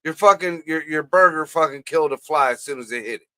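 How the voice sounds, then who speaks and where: A man's voice: on the high side, quick pace, bright, forceful tone, no echo. A middle-aged man chatting casually on a cooking stream, blunt and teasing, with plenty of swearing. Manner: blunt, heavily profane teasing. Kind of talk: casual chat.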